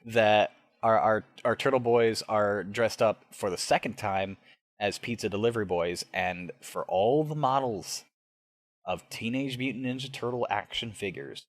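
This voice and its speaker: A man in his thirties co-hosting a podcast, chatting casually in an animated way with stammering restarts. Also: on the low side, unhurried. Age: 30s. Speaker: podcast co-host. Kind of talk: casual recap chat.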